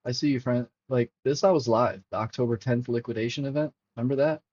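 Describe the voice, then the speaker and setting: Profane excitable man streaming crypto charts. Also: mid-range voice, fast talker, breathy edge. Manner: profane, excitable, talks to chat. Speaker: crypto livestream host. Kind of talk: casual livestream chart commentary. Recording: dull lo-fi stream audio.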